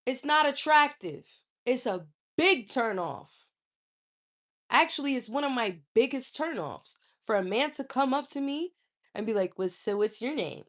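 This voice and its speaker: A woman in her thirties from Charlotte, a YouTuber ranting in a blunt, profane, animated way. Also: high voice, measured pace. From Charlotte, North Carolina. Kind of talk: casual storytelling rant.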